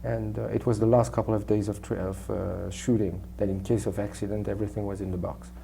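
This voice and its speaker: A man with a French accent answering interview questions in a halting way, repeating words and filling pauses with "uh". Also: lowish voice, flat delivery, vocal fry, warm tone, slight background noise. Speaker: film actor being interviewed.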